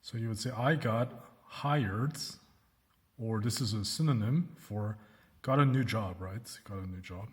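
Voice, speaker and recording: A male English teacher giving a recorded lesson, slowing down to model example sentences and often checking in with "right?" and "okay?". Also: on the low side. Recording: reverberant room.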